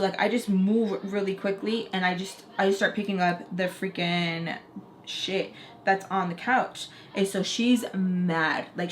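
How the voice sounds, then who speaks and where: A woman's voice: mid-range voice, a little hiss or hum. Chatty young woman telling a story. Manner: chatty, heavy "like" fillers, animated quoting. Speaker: storytelling vlogger. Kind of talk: casual storytime.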